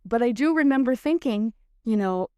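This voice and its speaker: A middle-aged woman sharing a personal faith testimony as a guest, telling it in an earnest, animated way with many "like"s. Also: a little high, moderate pace, smooth, dry recording, studio quality.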